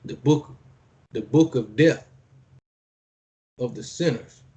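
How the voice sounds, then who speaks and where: A man's voice: mid-range voice, warm tone. Man preaching with scripture and slang asides. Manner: reads verses slowly and solemnly, then comments in loose street slang; preaching cadence, repeats phrases for emphasis. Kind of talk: sermon, reading scripture with commentary.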